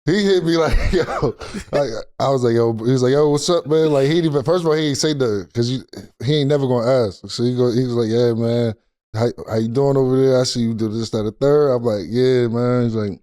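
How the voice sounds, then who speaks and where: A man's voice: medium pitch, brisk, dark tone, no room sound, clean studio sound. A man in his thirties, a podcast guest, telling a rambling story in casual chat with many restarts.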